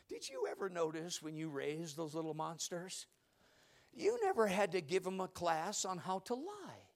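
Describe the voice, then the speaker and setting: A male preacher with a fairly high voice that swings widely in pitch, delivering a sermon. He tells animated stories, rising to loud outbursts and dropping to hushed asides. He sounds middle-aged. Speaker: pastor.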